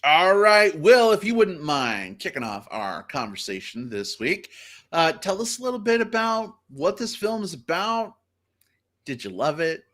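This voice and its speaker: A man hosting a live podcast over a video call, upbeat and animated. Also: a little high, a little slow. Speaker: podcast host.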